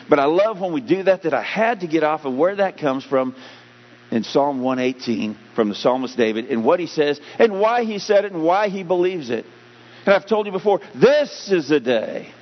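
A man preaching a sermon as pastor, animated, getting louder and slower to stress his points. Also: fairly high pitch. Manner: animated preaching, rising loud and slowing for emphasis. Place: church sanctuary. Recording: dull, humming church hall recording.

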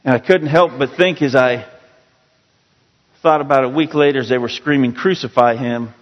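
A man preaching a sermon, reading scripture slowly and rising to pleading emphasis. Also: mid-range voice, lo-fi sound. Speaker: pastor. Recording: long reverb of a large hall.

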